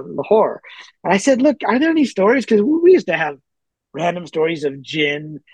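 A man being interviewed, telling stories in a chatty, animated way with lots of fillers and restarts and the odd chuckle. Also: high-pitched, slightly rough, no echo, low-quality recording. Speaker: interview guest. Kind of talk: casual storytelling in conversation.

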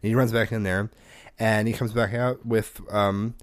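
A man's voice: lowish voice, level tone, normal speed, clear, resonant tone, dry recording, clean studio sound. A man in his thirties in casual chat, telling a rambling family story and acting out the lines of his small child. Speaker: podcast co-host.

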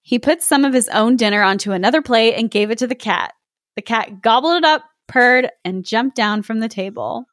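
A woman's voice: fairly high pitch, moderate pace, a bit bright, no room sound, clean studio sound. A woman reading a folk tale aloud to friends, with chatty, amused asides. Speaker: story reader and host. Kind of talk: casual storytelling read-aloud.

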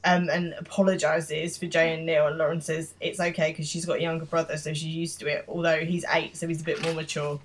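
A podcast co-host retelling a TV episode scene by scene in a steady, casual way. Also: mid-range voice, brisk, hardly any pauses.

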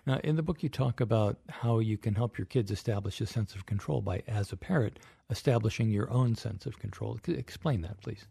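A man's voice: on the low side, fairly quick, creaky, few pauses, warm tone, husky, dry recording, studio quality. A man hosting an interview, attentive and affirming, who asks his guest questions. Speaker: radio show host.

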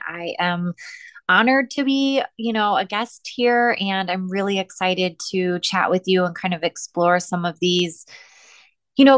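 A woman's voice: medium pitch, no room sound. An American woman nurse being interviewed as a guest, thoughtful and a little hesitant. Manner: thoughtful, talks in long winding sentences with small hesitations. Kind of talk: conversational interview.

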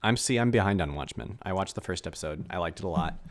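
A man co-hosting a casual chat, musing and relaxed, with lots of filler words. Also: sits low, fast. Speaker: podcast co-host.

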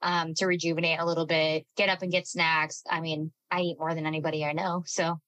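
Woman podcast co-host, bright and forceful voice, firm about her points. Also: low-pitched, flat delivery, brisk, poor audio. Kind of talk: casual podcast chat.

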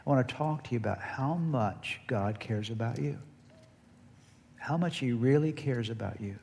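A male pastor delivers a sermon from the pulpit, his voice sitting at an ordinary middle pitch. He builds steadily in force and calls on the congregation to repeat phrases back to him. His words ring out with a long reverb through a large church hall. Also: moderate pace, vocal fry, darkish tone. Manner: preaching with rising intensity, leads congregation call-and-response.

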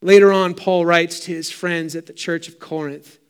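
A middle-aged male pastor delivering a sermon with fervent, emphatic repetition. His voice sits notably high for a man. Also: fairly even intonation, normal speed, clear, resonant tone.

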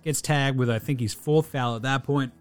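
A man's voice: mid-range voice, fairly even intonation, normal speed, clean tone, faint music behind. Wry man ranting about basketball. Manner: profane, wry, rambling. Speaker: podcast host. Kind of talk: casual basketball recap.

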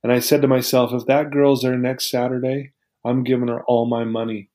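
A man's voice: mid-range voice, level tone, fairly quick, mellow. A man as an interview guest, telling a personal story in an earnest, heartfelt, reflective way.

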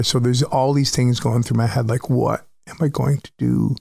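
A man with a gravelly, fry-edged voice recounts a personal story with blunt candor, swearing freely as he goes. His recording is dry and close, with no room around it. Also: medium pitch, flat delivery, a little fast, few pauses, darkish tone, no echo. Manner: frank and profane, vivid retelling.

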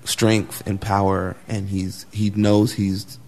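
A man chatting casually about a superhero film, getting excited and acting out scenes with sudden high bursts. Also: takes it slowly.

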